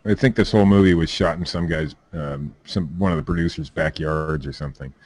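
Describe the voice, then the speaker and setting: A man's voice: extremely low pitch, fairly quick, a little mellow, no room sound. A man co-hosting a casual podcast, dropping dry, wry remarks. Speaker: podcast co-host. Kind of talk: casual uncensored chat.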